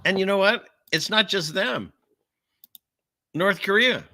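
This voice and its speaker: A man's voice: high voice, expressive, takes it slowly, bright, forceful tone, no room sound. A male show host giving casual news commentary, rambling with joking, sarcastic asides.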